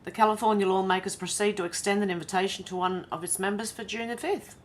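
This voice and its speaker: A woman's voice: mid-range voice, fairly even intonation, quick pace, a little hiss or hum. An Australian woman hosting a livestream from home, reading news aloud and reacting with exasperated, incredulous commentary. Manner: exasperated, incredulous, breaks into laughter. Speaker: livestream host.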